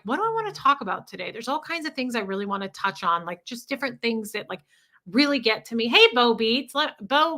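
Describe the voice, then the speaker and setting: Bright, chatty woman hosting a livestream. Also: a little high. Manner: chatty, reads out viewer names and comments. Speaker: livestream host. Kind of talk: casual livestream chat with viewers.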